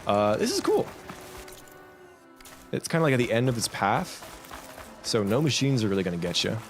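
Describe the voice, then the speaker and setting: Lively rambling male streamer. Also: mid-range voice, moderate pace, faint music behind. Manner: rambling, lively, talks to himself and chat. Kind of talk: casual live-stream chat while gaming.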